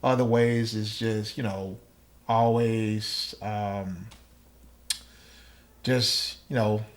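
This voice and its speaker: A man's voice: fairly low pitch, steady tone, extremely slow. A man as a podcast guest, talking thoughtfully in casual chat and acting out small exchanges. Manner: thoughtful, acts out little dialogues.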